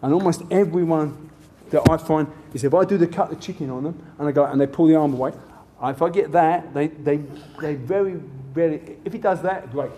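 Punchy, dark-voiced man teaching moves. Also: on the high side, a little fast, hardly any pauses, slight background noise. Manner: punchy teaching, constantly checking with "yeah?". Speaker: martial arts instructor. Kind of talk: seminar demonstration.

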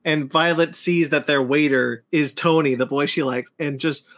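A man with a high voice chatting as a podcast co-host. He tells stories in a casual, amused way and often giggles. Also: steady tone, normal speed, a bit bright. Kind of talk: casual chat.

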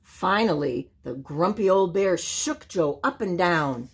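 An older woman reading a children's picture book aloud, slow and expressive. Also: lowish voice, breathy edge. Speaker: storyteller. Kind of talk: children's storybook read-aloud.

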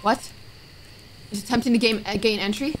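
A woman's voice: medium pitch, moderate pace, soft background music. A woman streamer playing a horror game, reading the on-screen text aloud, muttering item names and letting out jumpy, frightened exclamations. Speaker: gaming streamer. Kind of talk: let's-play commentary.

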